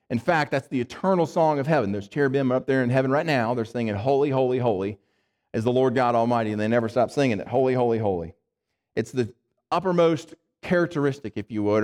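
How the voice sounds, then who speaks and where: A man preaching a sermon, reading scripture slowly and dropping his voice low to stress key words. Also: darkish tone, in a large hall. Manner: reads scripture slowly, then drops low for emphasis.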